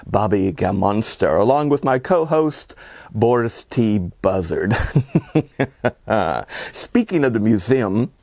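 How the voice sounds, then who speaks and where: Chuckling slow-talking horror host man. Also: medium pitch, darkish tone, no room sound. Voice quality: chuckling often, rambling. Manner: theatrical spooky greetings. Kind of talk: hammy horror-host introduction.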